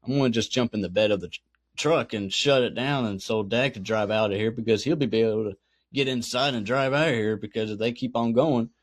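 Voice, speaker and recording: A man with a middle-pitched voice chats as an interview guest. He hedges his points and trails off often. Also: a little fast. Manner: hesitant, hedging. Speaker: guest, son. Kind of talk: casual interview chat.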